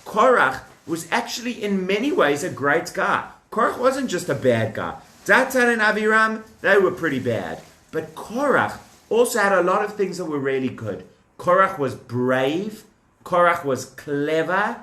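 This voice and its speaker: A man, a father, telling a Bible story to his young child, expressive and exclaiming, often asking questions. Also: high voice, unhurried. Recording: echoey room.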